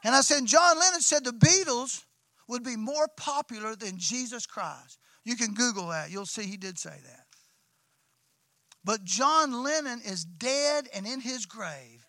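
A male pastor with a drawl tells a story from the pulpit, his voice high and bright. He talks in folksy, excitable bursts, repeating himself and restarting his sentences. The sound is dry and close, with no room around it. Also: measured pace, no echo. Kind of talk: sermon storytelling.

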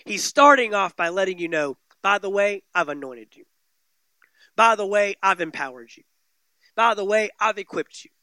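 A man preaching a sermon with emphatic, repetitive phrasing that swings between loud, stressed declarations and quiet, low passages. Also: no room sound. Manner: emphatic preaching, repeating phrases with rising and falling intensity. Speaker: pastor.

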